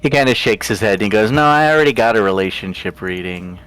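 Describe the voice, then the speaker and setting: Male player, lowish voice, halting and amused while he narrates his character. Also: lively intonation, a bit bright, clear, resonant tone, rough recording. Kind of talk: tabletop role-play, in character.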